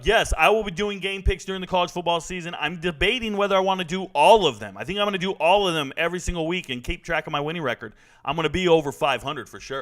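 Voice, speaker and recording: Male livestream host, high voice, brash and animated, argues with chat. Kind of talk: casual live-stream sports chat.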